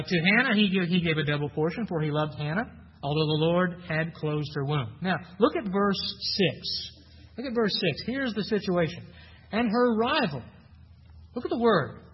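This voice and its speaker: Heard through a dull, lo-fi recording with a long hall reverb, a man delivers a sermon in a high-pitched, slightly rough voice. As a pastor, he works through a Bible passage in a chatty way, putting questions to the congregation and repeating points.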